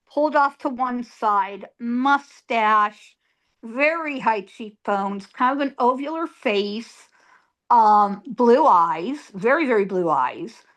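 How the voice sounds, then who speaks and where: A middle-aged woman psychic medium, appearing as an interview guest, tells a story with emphasis in a slightly high, fairly bright voice. She repeats words for effect.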